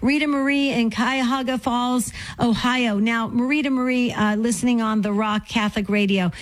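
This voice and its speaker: A woman hosting a call-in radio show, effusive and enthusiastic, talking with callers and fitting in quick asides. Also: fairly high pitch, fairly even intonation, poor audio.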